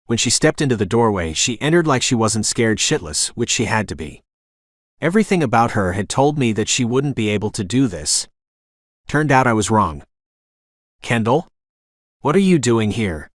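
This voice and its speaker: Dry, gruff male audiobook narrator. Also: fairly low pitch, very animated, normal speed, no echo. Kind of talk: scripted first-person narration.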